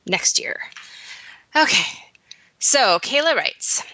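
Bright-voiced Canadian-born woman co-host. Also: a little high, sing-song, takes it slowly, no echo. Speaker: podcast co-host. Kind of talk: casual podcast chat, reading listener mail.

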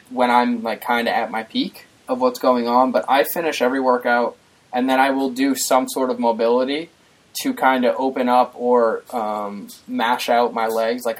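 A man's voice: mid-range voice, poor audio. Male podcast co-host, mid-range voice, playful and chatty. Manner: jokey, animated storytelling. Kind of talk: casual chat.

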